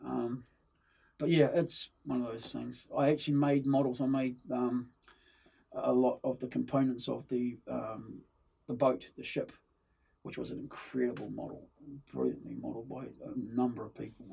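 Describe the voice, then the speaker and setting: A man's voice: mid-range voice, creaky, warm tone, husky. A middle-aged man, a guest chatting in an interview and telling rambling stories full of fillers and restarts. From New Zealand. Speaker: actor and film-maker guest. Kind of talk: casual interview chat, storytelling.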